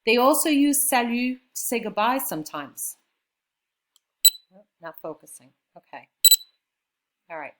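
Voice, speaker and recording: A woman's voice: a little high, very animated, a little slow, pauses often, slight background noise. A woman teaching a beginner French class, explaining patiently and checking in often with her students. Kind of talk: classroom lesson.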